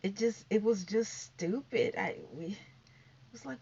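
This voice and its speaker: A middle-aged woman giving chatty, sassy gossip commentary, sometimes dropping to hushed asides. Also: mid-range voice, steady tone, moderate pace, muffled recording, slight background noise. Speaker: commentary vlogger.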